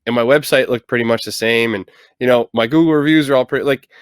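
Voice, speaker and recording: Man, podcast host, casual, reflective, mid pitch, dry close mic. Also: quick pace, clear, resonant tone, dry recording. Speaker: podcast host, painting contractor.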